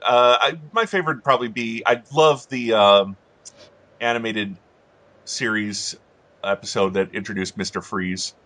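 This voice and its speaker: Bright-voiced man hosting a casual commentary. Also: lowish voice, measured pace, dry recording. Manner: rambling, self-deprecating, chuckles often. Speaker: host.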